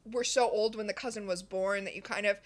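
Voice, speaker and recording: A woman's voice: mid-range voice, steady tone, brisk. A woman co-hosting a podcast who adds wry, joking commentary in casual chat. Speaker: podcast co-host.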